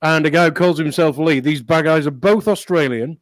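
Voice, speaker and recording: A man's voice: a little high, normal speed, no room sound, low-quality recording. A man co-hosting a casual chat, telling rambling anecdotes and chuckling often. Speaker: co-host.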